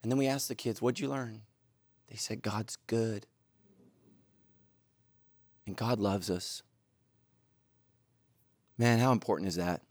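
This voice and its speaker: A middle-aged man preaching a sermon, telling stories animatedly, moving between loud excitement and low, earnest intensity. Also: slow, long pauses, dry recording. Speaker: pastor.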